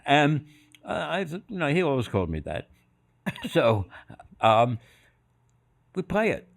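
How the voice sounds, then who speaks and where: Older guy telling old stories on a podcast, really lively up and down voice, does everybody's voices. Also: on the high side, slow pace, creaky. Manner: animated, acts out other people's voices in quotes. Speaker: podcast guest. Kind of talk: storytelling anecdotes.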